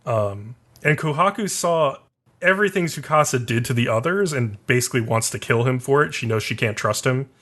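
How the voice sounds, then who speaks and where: With an expressive, mid-range voice that runs a little fast and a bit bright, a man co-hosts a podcast. He gives a rambling, casual anime episode recap heavy on fillers, especially "like."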